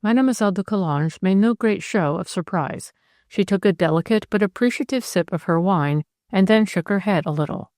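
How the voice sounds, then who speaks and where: A woman narrating an audiobook in a measured, steady way. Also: medium pitch, no echo, studio quality. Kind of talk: scripted narration.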